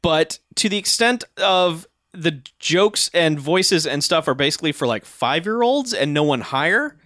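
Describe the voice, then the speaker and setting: Co-host type: sardonic guy, slightly high, bright tone, dry close mic. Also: animated, unhurried, no room sound. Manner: sardonic, laughs often, acts out quotes. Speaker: podcast co-host. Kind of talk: casual movie-review chat.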